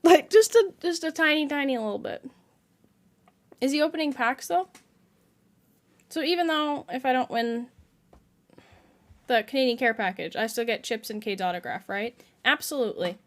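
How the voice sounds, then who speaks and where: In a fairly high, fairly bright voice, a young woman gives live commentary on a game she is streaming, chatting playfully with viewers and teasing the character on screen. She keeps a moderate pace, broken by long pauses.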